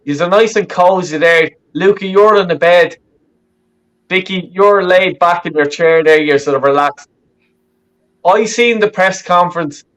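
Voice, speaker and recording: A man's voice: high voice, unhurried, fairly bright tone, rough recording. A man with a Dublin Irish accent hosting a live call-in chat, blunt and repetitive, talking over a video call. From west of Ireland. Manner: blunt, swearing, repeats himself. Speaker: host.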